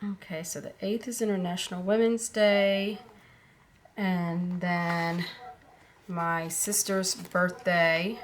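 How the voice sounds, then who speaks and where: A woman talking casually through her budget planner, unhurried and thinking aloud with fillers as she goes. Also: fairly low pitch, steady tone, slight background noise. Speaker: planner vlogger.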